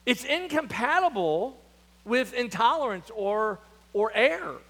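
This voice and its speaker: A man as pastor preaching a sermon, leaning hard on key words and dropping to quiet asides. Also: very high voice, very animated, measured pace. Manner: emphatic preaching, stretches key words, drops to hushed asides.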